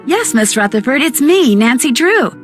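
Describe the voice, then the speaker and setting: A woman's voice: medium pitch, expressive, moderate pace, natural voice. Nancy Drew, a woman playing the young sleuth. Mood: polite. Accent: American. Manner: polite, plain-spoken, modest. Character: earnest young female amateur detective. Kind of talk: video game voice acting. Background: faint game music.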